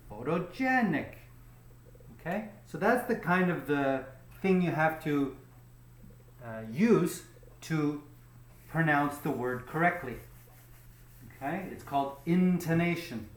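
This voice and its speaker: A man's voice: a little high, expressive, unhurried, long pauses, roomy sound, poor audio. A man teaching a pronunciation lesson, speaking patiently, repeating words and checking in with "okay?". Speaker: English teacher.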